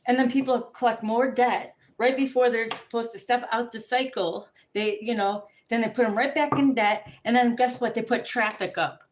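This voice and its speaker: A woman ranting casually to the camera, profane and rambling, telling animated stories. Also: on the high side, moderate pace, few pauses, a little hiss or hum.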